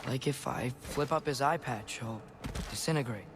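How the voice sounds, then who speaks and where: In video game dialogue, an actor plays an earnest teenage boy with a searching, curious way of talking, in a mid-pitched voice. Faint hiss and game ambience sit behind him. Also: moderate pace, lightly acted.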